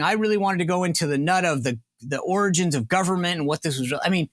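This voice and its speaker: A man hosting a political talk show with a notably high, light voice. He talks in long, digressive runs, restarting sentences and slipping into acted-out comebacks. The sound is close and completely dry. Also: dry recording. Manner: animated, acts out imagined retorts; drawn-out, digressive phrasing with frequent restarts. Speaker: show host.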